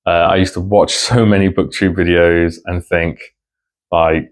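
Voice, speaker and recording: Low, flat-voiced man chatting. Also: a little slow. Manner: rambling, heartfelt. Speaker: book vlogger. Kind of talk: casual chat to camera.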